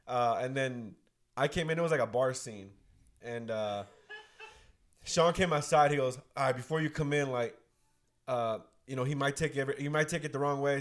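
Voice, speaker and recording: Man, casual storyteller. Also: medium pitch. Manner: storytelling, acts out quoted dialogue, swears. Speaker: podcast guest, director. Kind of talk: casual chat.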